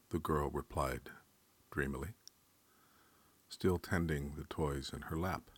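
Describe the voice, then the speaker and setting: A man reading a dramatic story aloud in a measured, expressive way. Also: rumbling low, breathy edge, no room sound.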